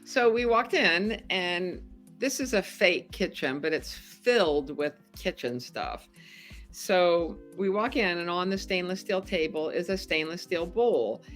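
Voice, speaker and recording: A middle-aged woman speaks in a lower register, a guest recounting events in relaxed, animated conversation. She laughs easily as she goes. Faint music sits under her voice. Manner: chatty, animated, laughs often. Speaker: podcast guest, former game show contestant. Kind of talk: casual storytelling interview.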